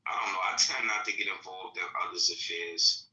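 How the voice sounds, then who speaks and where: A man guesting on a casual chat, talking in a measured, oddly formal way. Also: low-pitched, pushed and bright. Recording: distant, echoey mic.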